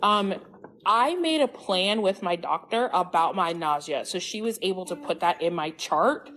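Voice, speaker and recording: A woman's voice: fairly low pitch, expressive, moderate pace, a bit bright. A young mother joining a casual chat over her phone, earnest and chatty as she explains from experience. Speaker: guest mother. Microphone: phone on a call.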